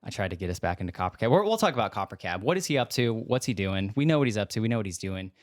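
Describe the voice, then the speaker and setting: A man's voice: on the low side, sing-song, very fast, no room sound, clean studio sound. A man co-hosting a casual podcast, rambling and joking with mumbled asides. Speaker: podcast co-host.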